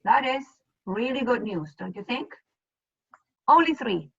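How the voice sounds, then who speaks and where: A woman's voice: a little high, lively intonation, unhurried, creaky, fairly bright tone, slightly rough, highs cut off. A woman teaching a Spanish class over a video call, explaining patiently and step by step. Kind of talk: online class lesson.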